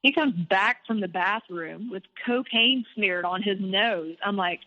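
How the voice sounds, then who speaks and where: A woman guest telling a personal story in an animated, candid way, with some swearing. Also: mid-range voice, measured pace. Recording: dull lo-fi audio with long reverb.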